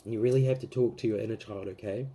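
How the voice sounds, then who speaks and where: A man giving a casual tarot reading to camera, rambling with many fillers and gently emotional, close to tears. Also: lowish voice, fairly even intonation, fast talker. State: teary, close to crying. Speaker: tarot reader.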